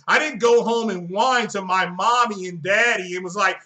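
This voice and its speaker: High, bright-voiced man ranting bluntly. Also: moderate pace. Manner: blunt, profane and joking, chuckles often. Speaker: live-stream host. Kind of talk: casual live-stream rant.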